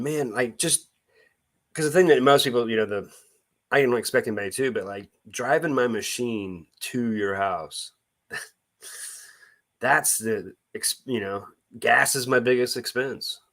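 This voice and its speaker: A man's voice: mid-range voice, measured pace, a bit bright. A man chatting casually on a live stream, rambling with many restarts and greeting viewers by name. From Missouri.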